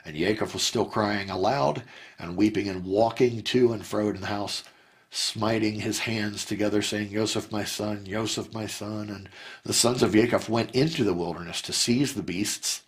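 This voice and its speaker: A man reading scripture aloud word for word, in an earnest, measured manner. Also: fairly low pitch. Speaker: Bible reader.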